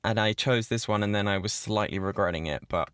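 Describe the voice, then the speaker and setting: A man hosting his own podcast in casual chat, gushing and swearing a lot as he gets excited. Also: lowish voice, brisk, smooth, no echo. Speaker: podcast host. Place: cabin in the woods.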